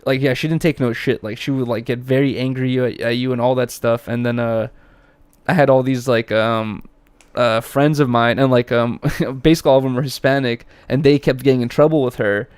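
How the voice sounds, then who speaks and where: A man's voice: mid-range voice, fairly even intonation, a little fast, darkish tone, smooth, dry recording. A young man hosting a casual podcast, telling rambling stories with lots of fillers and swearing. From Russia. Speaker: podcast host.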